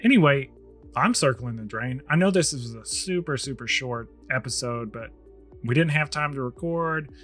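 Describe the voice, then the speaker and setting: A man's voice: mid-range voice, animated, normal speed, fairly bright tone, soft background music. A man co-hosting a podcast, rambling through a casual rant and sounding tired as he loses his voice. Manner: ranting, rambling, with restarts. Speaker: podcast co-host.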